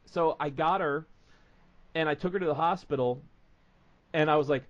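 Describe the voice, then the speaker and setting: A man's voice: on the high side, moderate pace, long pauses, highs cut off. A man hosting a podcast, telling stories in rambling casual chat full of fillers. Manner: rambling storytelling with many fillers. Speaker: podcast host.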